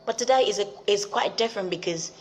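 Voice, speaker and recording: A woman's voice: medium pitch, quick pace, slight background noise. A young adult woman hosting a motivational talk show, speaking earnestly and repeating rhetorical questions to her listeners. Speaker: show host.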